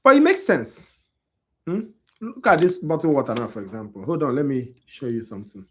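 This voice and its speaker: A man's voice: mid-range voice, sing-song, a little fast, darkish tone, a little hiss or hum. A tired man lecturing on anatomy to a class, quizzing his students and often checking whether they understand. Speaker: anatomy instructor.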